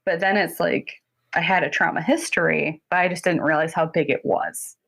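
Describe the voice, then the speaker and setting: A woman guest therapist talking casually in an interview, chatty and quick, laughing often and saying "like" a lot. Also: fairly low pitch, steady tone, creaky, a bit bright. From North Carolina, US.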